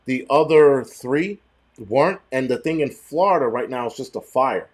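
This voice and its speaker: A man hosting a casual livestream chat, rambling and swearing freely with animated outbursts. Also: medium pitch, moderate pace. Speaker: host.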